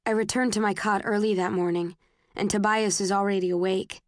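A woman narrates a novel in the first person with an earnest, emotional delivery. Her voice sits at a middle pitch for a woman. The recording is dry and close, with no trace of room. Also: steady tone, brisk, no room sound. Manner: earnest and emotional, rising sharply in arguments. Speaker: audiobook narrator.

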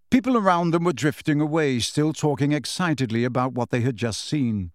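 A man narrating a story in a measured storytelling manner. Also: on the high side, expressive, no room sound, clean studio sound. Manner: measured storytelling with shifting character voices. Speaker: audiobook narrator. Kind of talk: scripted narration.

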